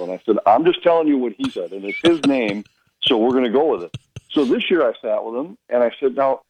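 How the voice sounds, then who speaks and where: A man who works as a hockey broadcaster, chatting casually on a radio show and telling anecdotes with quick imitations of the people he quotes. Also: medium pitch, expressive, no room sound, muffled recording. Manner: storytelling, mimics others' voices in quotes.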